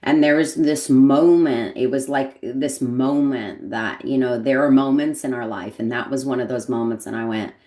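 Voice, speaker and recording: American woman, middle-aged, very low voice, mellow tone, lively storytelling. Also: moderate pace, few pauses. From United States. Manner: animated storyteller, acts out quoted dialogue. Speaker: podcast guest. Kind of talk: casual storytelling interview.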